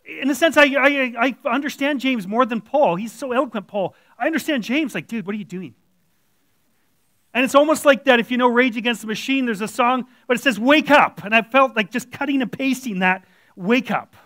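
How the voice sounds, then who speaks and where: Male lay preacher, very high pitch, plain-spoken and blunt, dry close recording. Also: a little fast, hardly any pauses, fairly bright tone, no room sound. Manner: blunt, conversational, acting out quoted voices. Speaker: church elder preaching. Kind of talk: informal sermon. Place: church room with audience.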